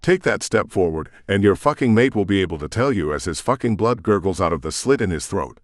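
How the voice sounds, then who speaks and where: A man's voice: low voice, expressive, brisk, no room sound, clean studio sound. A man voicing a fierce foul-mouthed pirate woman with a slight British accent. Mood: vicious. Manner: vicious, profane.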